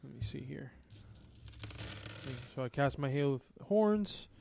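A man's voice: mid-range voice, animated, slow pace, creaky, dark tone, a little hiss or hum. A man playing a tabletop role-playing game who jokes around, laughs often and asks a lot of questions about the scene. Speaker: player. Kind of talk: casual tabletop game play.

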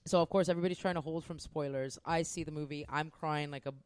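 A woman's voice: low-pitched, fast, clean tone, dry recording. A woman co-hosting a casual podcast chat, telling stories with feeling and plenty of swearing. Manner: emotional, swearing, animated storytelling.

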